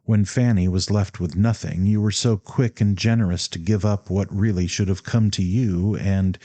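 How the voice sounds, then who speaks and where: A man voicing a timid, faltering middle-aged mother who stammers and hesitates gently through her lines. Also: low-pitched, fairly even intonation, moderate pace, no echo. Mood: timid pleading.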